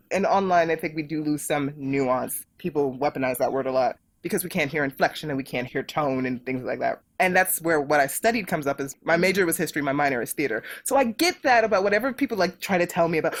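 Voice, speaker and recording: A woman's voice: sits low, fast talker, few pauses. A middle-aged woman, a podcast guest, talking emphatically and animatedly in a political conversation, hammering points home with repetition.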